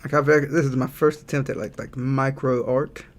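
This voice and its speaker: A man's voice: medium pitch, normal speed. A man chatting casually on a livestream while he draws, thinking aloud and answering chat. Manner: relaxed, thinking aloud, reads out chat messages. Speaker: game developer streaming live.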